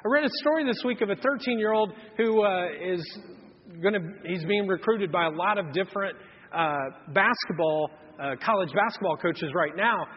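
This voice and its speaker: Male pastor, 30s, high and breathy, folksy sermon storyteller, muffled long-reverb hall. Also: normal speed. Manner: folksy storytelling with quoted voices. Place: church hall. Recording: dull, reverberant church hall.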